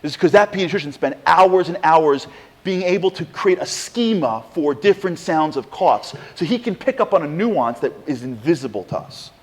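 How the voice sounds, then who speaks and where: A man giving an inspirational lecture with humor, an animated storyteller who fires off rhetorical questions to the audience in a large lecture hall. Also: on the high side, normal speed, husky. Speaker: speaker. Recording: long hall reverb.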